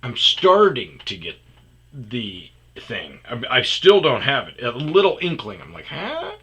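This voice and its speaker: A man's voice: medium pitch, sing-song, unhurried, bright, forceful tone, slightly rough. A man hosting a podcast, telling a rambling, self-mocking story in casual chat, full of fillers and restarts. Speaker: podcast host.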